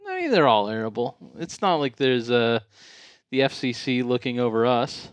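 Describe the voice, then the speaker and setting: A man's voice: medium pitch, sing-song, normal speed, no room sound. A man chatting casually on a podcast, rambling with lots of fillers. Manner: rambling, filler-heavy reflection. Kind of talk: casual chat.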